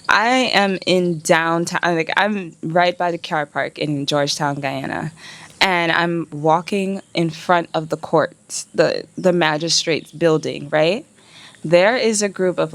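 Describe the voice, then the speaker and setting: A woman in a casual vlog, telling her story in an animated, indignant way and swearing freely. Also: on the low side, no room sound. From United States. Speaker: travel vlogger.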